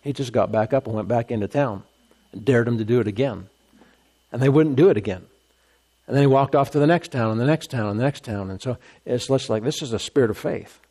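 A man's voice: mid-range voice, a little fast, mellow. A male pastor preaching a sermon, repeating phrases for emphasis and reading scripture aloud.

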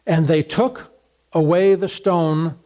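A man with a high, bright-edged voice preaching with emphatic, repeating phrases. He drives home his point again and again, slipping into quoted lines along the way. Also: fairly even intonation, slow pace. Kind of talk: sermon.

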